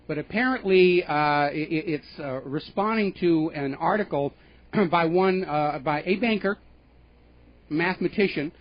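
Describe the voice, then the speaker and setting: A somewhat high-pitched man delivers a political commentary monologue as a radio talk show host. He speaks emphatically and with indignation, slipping into sarcasm. The audio sounds dull and muffled.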